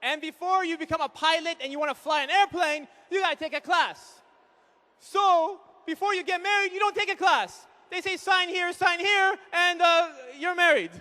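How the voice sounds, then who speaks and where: Onstage at an event in a big hall, a man in his thirties with an extremely high voice does lively stand-up, quickly switching between impressions of husbands and wives into a live microphone for the audience.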